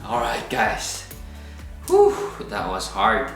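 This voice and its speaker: A man's voice: lowish voice, wildly swooping pitch, takes it slowly, creaky. A man talking casually and with self-deprecating humor in a DIY vlog. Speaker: vlogger doing DIY. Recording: echoey room with music.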